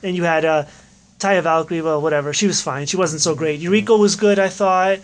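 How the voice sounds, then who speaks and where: Guy with a high voice co-hosting a podcast chat, gets really excited. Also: a little fast. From United States. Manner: enthusiastic, gushing. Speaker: podcast co-host. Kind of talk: casual chat.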